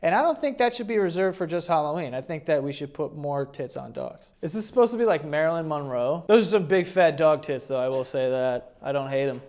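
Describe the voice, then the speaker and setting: A man's voice: a little high, animated, fairly quick, few pauses, a little mellow. A man hosting a comedy video, riffing crudely and rambling as he comments on photos, often breaking into laughter. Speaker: comedy YouTube host.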